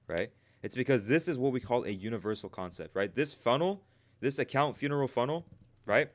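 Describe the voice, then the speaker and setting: Young male trading coach on stream, mid pitch, keeps asking right?, acts out inner voices. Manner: energetic, repeats "right?" as a check-in, acts out traders' inner voices. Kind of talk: live-streamed lesson.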